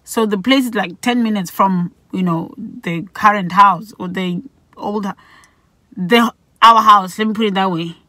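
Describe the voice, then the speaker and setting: A middle-aged woman from Botswana telling a personal story in a vlog, animated and acting out the people she quotes. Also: medium pitch, a little slow, no room sound. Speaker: vlogger.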